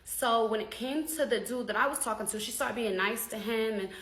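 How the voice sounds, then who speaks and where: A woman vlogger telling a story in a chatty, slangy, animated way. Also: fairly high pitch, brisk, roomy sound, rough recording. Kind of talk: casual storytime.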